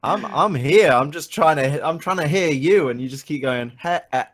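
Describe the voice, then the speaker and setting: Man, call-in guest, jokey, mimics people, slightly high voice. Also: expressive, normal speed. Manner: jokey, swears, mimics others. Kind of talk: casual chat on a call.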